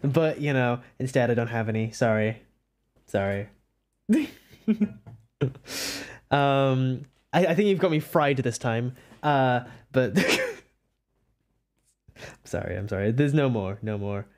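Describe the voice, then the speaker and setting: A young adult streamer talks casually to live chat while drawing, at a middling pitch. The talk rambles, with frequent giggles and quick asides to viewers. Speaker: livestreamer.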